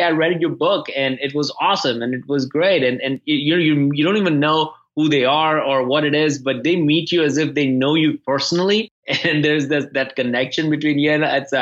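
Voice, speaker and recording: A man talking through his experiences as an author in a casual conversation, stopping and repeating words as he goes and growing animated in his stories. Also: mid-range voice, lo-fi sound. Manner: halting, repeats words when restarting, animated when telling stories. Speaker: podcast guest and author.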